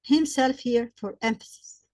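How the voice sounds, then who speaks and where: A woman gives a grammar lesson with a fairly high voice. She works through example sentences slowly and repeats each point, and her voice sounds dry and close, with little room around it. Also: a little mellow, no echo. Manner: slow, repetitive explaining with examples. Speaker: English grammar teacher.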